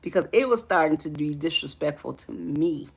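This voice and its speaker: A woman's voice: sits low, animated, normal speed, gravelly, breathy edge. A woman life coach giving an emphatic motivational talk, calling the listener honey and baby.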